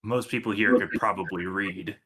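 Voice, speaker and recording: A man in a tabletop game trades dry jokes with the table and slips into his character's lines. His voice sits low, with a bright, clear top to it. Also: normal speed, a little hiss or hum. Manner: dry, joking. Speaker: player. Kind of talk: casual tabletop role-play.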